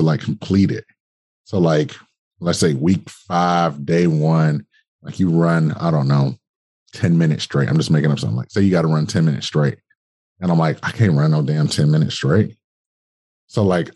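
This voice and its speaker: Brief: young male podcast guest, low husky voice, casual profane storyteller. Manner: animated, colloquial, swearing, acts out dialogue.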